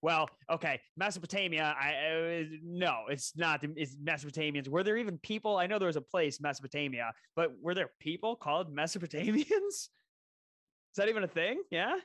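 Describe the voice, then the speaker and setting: A man's voice: a little high, lively intonation, fairly quick, a bit bright, no room sound. A man co-hosting a podcast, chatting casually and wandering into side tangents. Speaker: podcast co-host. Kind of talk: casual chat.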